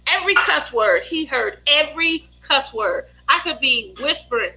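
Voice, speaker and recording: A middle-aged woman hosting a relaxed craft chat, with a high, bright voice. She tells family stories in an animated way, laughing often and putting on the voices of the people in them. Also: normal speed, rough recording. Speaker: craft livestream host. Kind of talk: casual chat while crafting.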